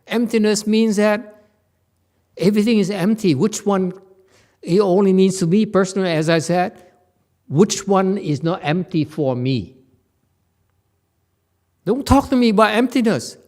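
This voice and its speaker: A man giving a casual Buddhist dharma lecture as teacher, animated and joking, repeating words and mimicking voices. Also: high-pitched, moderate pace. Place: temple lecture hall.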